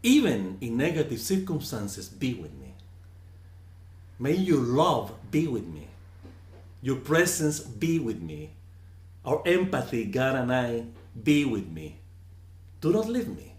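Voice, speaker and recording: A man speaks slowly and earnestly, teaching on scripture with a lively, rising and falling voice. He often repeats words as he presses a point. The room gives his voice a noticeable echo. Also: medium pitch. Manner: slow, earnest, repeats words when emphatic. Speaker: spiritual teacher.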